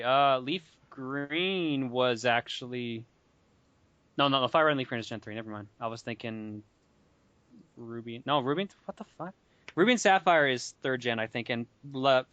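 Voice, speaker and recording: A man's voice: medium pitch, moderate pace, a bit bright. A man co-hosting a casual podcast chat, hesitant and often correcting himself. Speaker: guest co-host. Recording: dull, slightly lo-fi, dry.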